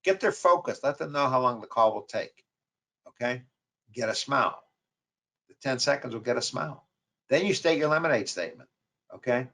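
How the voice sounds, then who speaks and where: A man's voice: medium pitch, animated, moderate pace, vocal fry, pauses often, fairly bright tone. A man with a New York accent giving a webinar lecture on sales calls, repeating key points with emphasis. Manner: repetitive, emphatic coaching delivery. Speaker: marketing professor.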